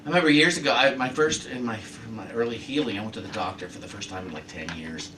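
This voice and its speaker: A man, a minister, giving a conversational sermon with lively storytelling. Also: mid-range voice, fast talker, a little hiss or hum. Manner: conversational, animated storytelling with laughs. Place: church sanctuary. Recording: roomy, distant mic in a hall.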